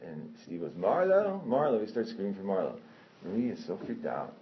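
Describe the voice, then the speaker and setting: A man telling a personal story in a casual, animated way, swearing often and correcting himself as he goes. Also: low-pitched, brisk. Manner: animated, profane, rambling with self-corrections. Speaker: storyteller recounting a personal incident. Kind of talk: casual spoken anecdote. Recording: dull lo-fi sound with faint noise.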